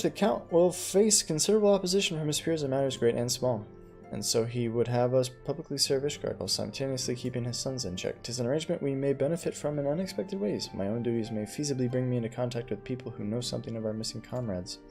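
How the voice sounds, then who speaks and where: A man reads an earnest young scholar with a polished, polite way of speaking. The tone is warm and low. Quiet game music plays behind. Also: quick pace, vocal fry, lightly acted.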